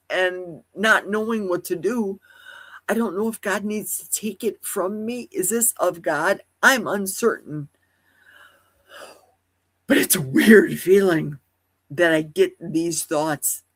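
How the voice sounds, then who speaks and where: A woman hosting a casual livestream chat, with a high, youthful-sounding voice, rambling and asking many rhetorical questions. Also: slightly rough. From Wisconsin. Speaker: livestream host. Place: at home in a forest.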